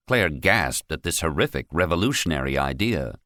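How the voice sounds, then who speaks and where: This is scripted audiobook narration by a deep-voiced man whose storytelling stays measured and even. It's clean studio audio, free of echo.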